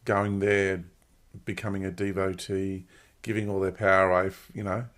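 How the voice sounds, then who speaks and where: A man hosting a spiritual talk conversation, explaining ideas in a calm way. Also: low-pitched, moderate pace. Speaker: host.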